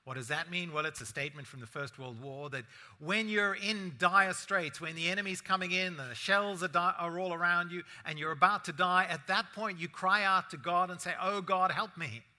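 A man's voice: sits high, normal speed, sharp tone. A man preaching a sermon as a pastor, in a conversational style full of rhetorical asides to the congregation.

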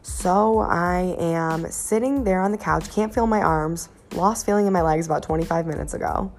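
A young woman talks through a podcast story in a loose, swear-heavy ramble, mocking herself as she goes. Her voice sits low with a gravelly edge. Faint music plays quietly underneath. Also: normal speed. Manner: profane, rambling, self-mocking. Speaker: podcast host. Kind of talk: casual storytelling monologue.

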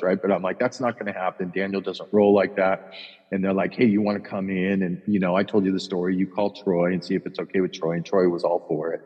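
A man's voice: lowish voice, husky. A middle-aged man, a podcast co-host and caddie, telling a long rambling story in casual, profane chat, acting out other people's lines. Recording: dull lo-fi sound with long reverb.

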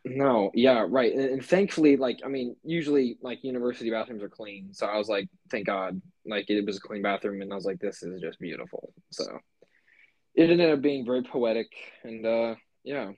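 A man's voice: fairly low pitch, normal speed, darkish tone, no room sound, dull audio. Rambling young man, dry close mic. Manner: rambling, swears a lot, many fillers. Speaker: podcast co-host. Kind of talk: casual chat.

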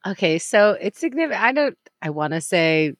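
A woman's voice: medium pitch, sing-song, fairly quick, no room sound. A woman, a podcast co-host, chatting casually and laughing along with short reactions. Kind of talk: casual chat.

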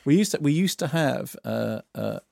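A man's voice: medium pitch, animated, moderate pace, vocal fry, warm tone, dry recording. A British man co-hosting a radio show in casual chat, wry and anecdotal as a film critic. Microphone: studio microphone.

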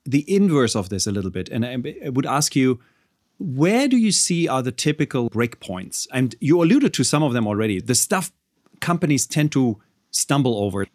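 A man's voice: medium pitch, sing-song, moderate pace, darkish tone, no room sound, clean studio sound. A man interviewing a guest, asking a long, searching question.

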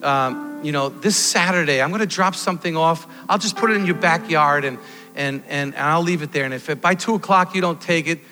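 A man's voice: a little high, a little fast, pushed and bright. A man voicing a friendly, generous neighbor who talks in a casual, rambling way, with long reverb and faint music behind. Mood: offhand.

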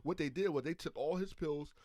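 A man casually telling a story among friends, animated and acting out the other people's lines. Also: on the high side, brisk, no room sound.

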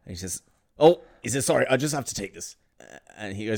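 A man's voice: lowish voice, animated, fast talker, vocal fry, darkish tone. A man co-hosting a comedy podcast, narrating an improvised story in a dry tone and building on his partner's jokes.

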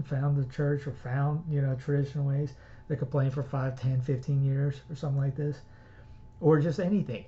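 A man's voice: mid-range voice, mellow, dull audio. A man hosting a show who gives casual religious commentary, blunt and exhorting, rambling with restarts.

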